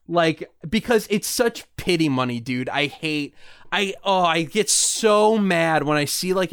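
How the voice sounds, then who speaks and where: Profane ranting man, higher voice. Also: smooth. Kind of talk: casual podcast chat.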